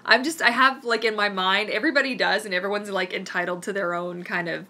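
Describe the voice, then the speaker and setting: Bright, chatty Canadian woman. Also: medium pitch, steady tone, fast talker. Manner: chatty, rambling, enthusiastic. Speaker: mermaid vlogger hosting a live Q&A. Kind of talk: casual live-stream chat.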